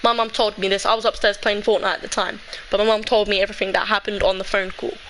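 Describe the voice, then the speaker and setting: A woman's voice: medium pitch, flat delivery, fast, a bit bright, a little hiss or hum, poor audio. A young woman telling a personal story in a casual, emotional, rambling way, full of "like".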